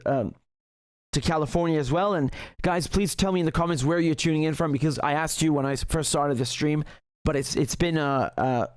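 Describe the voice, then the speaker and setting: A man hosting a casual livestream, reading viewer messages aloud with lively, restarting speech. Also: a little high, clear, resonant tone, no echo, studio quality. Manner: animated, frequent restarts and laughter. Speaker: livestream host reading super chats.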